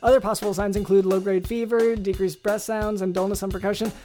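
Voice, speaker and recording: A co-host rapidly reading a medical lesson on a podcast, with frequent fillers. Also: mid-range voice, level tone, mellow, soft background music.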